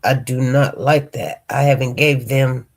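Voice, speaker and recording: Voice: medium pitch, fairly even intonation, a little slow. A livestream host chatting casually with viewers and greeting them by name, congested from a cold and rambling between topics. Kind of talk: casual chat.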